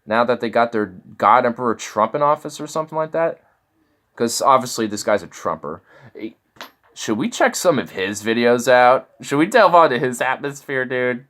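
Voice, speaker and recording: A man's voice: medium pitch, expressive, normal speed, fairly bright tone. A man casually reacting to online videos, mocking and incredulous, swearing freely as he clicks through.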